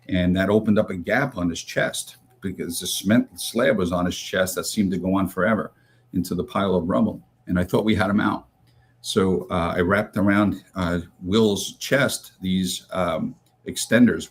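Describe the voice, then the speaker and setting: A man's voice: sits low, slightly rough. A retired rescue officer, a man, telling a first-hand story with many fillers and restarts, acting out what others said. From United States.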